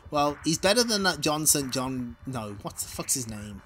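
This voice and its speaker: A man's voice: on the high side, very animated, normal speed, few pauses, fairly bright tone, faint music behind. A man streaming a casual comic read-along, laughing often and breaking off to swear and comment. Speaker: streamer reading a comic aloud.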